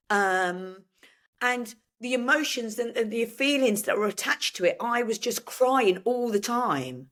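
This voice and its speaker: An older woman, a podcast guest, telling her story haltingly with many restarts and fillers. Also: on the high side, fairly bright tone. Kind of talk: emotional personal conversation.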